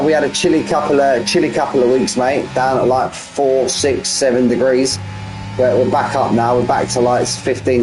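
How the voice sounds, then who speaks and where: Over a rough recording, a forties-aged man with a mid-range voice calls a race live in a chatty, slangy way. He talks between calls, replies to chat during the race, and leaps up with bursts of excitement when things get close.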